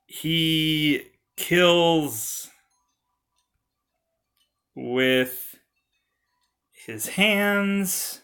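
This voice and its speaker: A young man talks slowly through a game, his voice a touch high and bright. He rambles and giggles, stacking up filler words as he thinks out loud. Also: expressive. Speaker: gaming commentator. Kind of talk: casual let's-play commentary.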